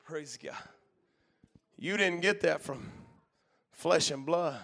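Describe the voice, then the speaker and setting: Male preacher, slow fiery sermon delivery, brilliant ringing tone. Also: lively intonation, gravelly. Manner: shouting in bursts, call-and-response cadence, drops to low murmurs.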